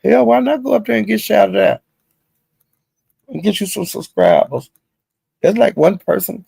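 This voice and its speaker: Male channel host, gravelly husky voice, slightly high, AAVE, gossipy recap. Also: no room sound. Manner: gossipy, animated retelling with slang and profanity. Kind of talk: casual recap of online drama.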